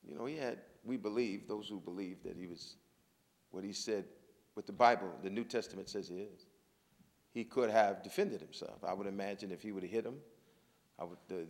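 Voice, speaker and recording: A man's voice: on the low side, a little mellow. A man giving a talk at an interfaith symposium in a casual, searching manner. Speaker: symposium speaker. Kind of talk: conversational talk.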